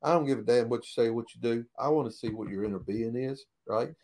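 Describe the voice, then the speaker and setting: Talking fast in a mid-range, slightly mellow voice, this man shares old racing tales as a guest in a relaxed interview. The retired race car driver speaks plainly and folksily, curses freely, and ends lines with "right?"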